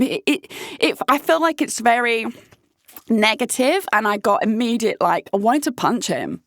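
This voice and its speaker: A woman's voice: a little high, moderate pace, dry recording, clean studio sound. Blunt, sweary woman vlogging about dating. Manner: blunt, sweary, animated, laughs often. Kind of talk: casual candid vlog monologue.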